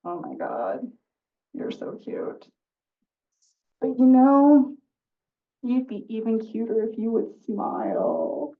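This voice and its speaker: A woman's voice: a little high, wildly swooping pitch, takes it slowly, heavily acted. Woman playing a sly sweet-talking fox. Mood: coaxing. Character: sly flattering fox, a predator. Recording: distant phone-like sound.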